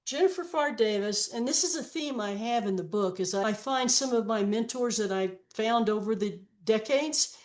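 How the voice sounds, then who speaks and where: A woman in her seventies, a guest author telling stories slowly and reflectively in a podcast interview. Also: fairly high pitch. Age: 70s. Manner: slow, reflective storytelling with long read-aloud quotes. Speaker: guest, author and trail hiker.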